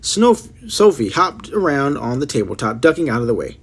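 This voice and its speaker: A man reading a children's book aloud in a lively storytelling way. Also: medium pitch, fairly quick, hardly any pauses, breathy edge. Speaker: audiobook reader.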